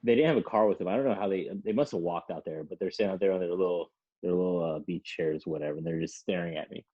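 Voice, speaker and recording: Casting note: husky-voiced man, rambling storyteller, dull lo-fi recording. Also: low-pitched, fast talker. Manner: rambling, laughing, swears. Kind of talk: casual storytelling.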